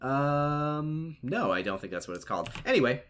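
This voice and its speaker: A man's voice: fairly high pitch, big pitch swings, moderate pace, a bit bright, slight background noise. A man in casual chat, recapping a TV show with jokes and silly voices. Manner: joking, acts out characters in silly voices. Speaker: podcast co-host.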